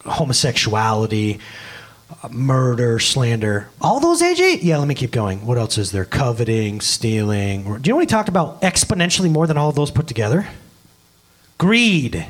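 Animated husky-voiced male preacher. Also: mid-range voice, fairly quick. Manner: animated, conversational preaching with acted-out quotes. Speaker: pastor. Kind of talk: sermon.

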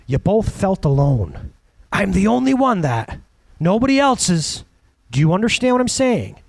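A man in his thirties preaching a sermon, animated, jumping between loud peaks and quiet, hushed asides. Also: sits high, normal speed, vocal fry, no room sound. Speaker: pastor.

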